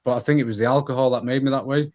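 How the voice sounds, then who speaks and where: A man's voice: mid-range voice, steady tone, racing, darkish tone, lo-fi sound. Candid Manc man, rambling chat. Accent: Manchester. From Manchester, England. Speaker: guest. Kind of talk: casual chat.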